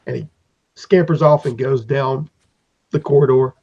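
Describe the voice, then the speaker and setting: A man's voice: medium pitch, normal speed, warm tone, breathy edge. A man improvising narration as game master for a tabletop game, rambling, with fillers and restarts. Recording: dull lo-fi recording.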